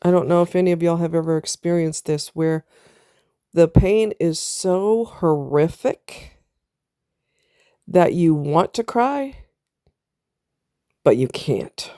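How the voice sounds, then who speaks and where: A woman's voice: fairly low pitch, slow pace, pauses often, mellow, smooth, dry recording, studio quality. A middle-aged woman telling a personal story in a candid, casual vlog, speaking straight to her viewers. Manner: candid, talks straight to viewers with southern US slang. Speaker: vlogger.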